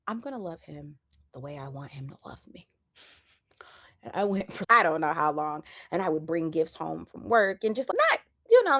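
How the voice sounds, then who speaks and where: Animated slangy woman, low voice, dry sound. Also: no room sound. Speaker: podcast host. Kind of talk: casual chat.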